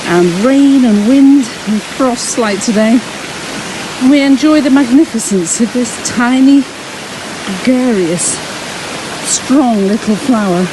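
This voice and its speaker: A woman leading a Sunday school walk, giving a gentle, reflective talk outdoors while slightly out of breath. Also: on the high side, noisy background. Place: outdoors on a frosty hillside walk.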